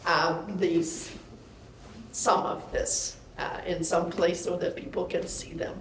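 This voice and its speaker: A woman organizer hosting a community event, speaking slowly and haltingly with many fillers. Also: on the low side, little pitch movement, a little hiss or hum. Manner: slow, hesitant, many fillers. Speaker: committee organizer. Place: town meeting hall. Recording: distant echoey hall.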